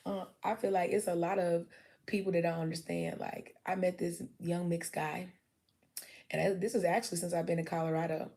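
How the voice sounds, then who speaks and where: Woman, young adult, gravelly, lowish voice, candid livestream chat, swears. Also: normal speed. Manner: candid, swears freely, acts out quotes in a lively way. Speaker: livestream host. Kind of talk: casual storytelling chat.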